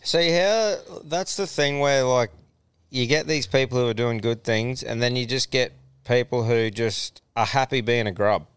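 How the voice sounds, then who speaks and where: An Australian man hosting a podcast in a loose, easygoing chat, swearing freely and laughing often. His voice is smooth and resonant, recorded close and dry with no room sound. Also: mid-range voice, normal speed, dry recording. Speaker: podcast host. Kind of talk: casual chat.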